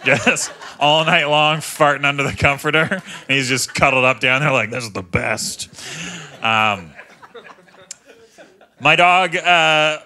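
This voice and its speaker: A man in his thirties doing a stand-up comedy set, chatting in a self-mocking way, tagging jokes with "right?" and leaping into loud voices for punchlines. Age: 30s. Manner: conversational, self-mocking, often tags lines with "right?"; jumps into loud high character voices for punchlines. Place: comedy club stage.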